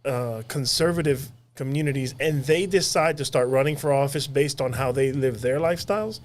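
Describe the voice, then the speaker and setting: A political commentator from Puerto Rico joins the chat as a guest. He speaks emphatically at a middle pitch and stumbles over repeated words as he pushes his points. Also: moderate pace.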